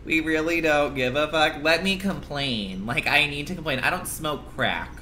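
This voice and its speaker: A man's voice: a little high, normal speed, bright, forceful tone, slight background noise. A young adult man chatting casually on a livestream, profane and complaining, congested and coughing now and then.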